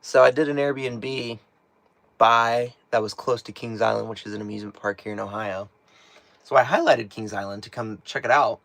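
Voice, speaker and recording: A man's voice: medium pitch, moderate pace, vocal fry, a bit bright, dry recording. A man hosting a casual live stream from inside a small tiny house, reading chat questions, joking and laughing often, his voice now and then cracking. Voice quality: voice cracks at times. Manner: chatty, jokey, laughs often.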